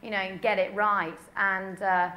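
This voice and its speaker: A woman's voice: mid-range voice, level tone, unhurried, pushed and bright. An English woman in her twenties, a pop singer answering press questions in a chatty, candid way full of "you know". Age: 20s.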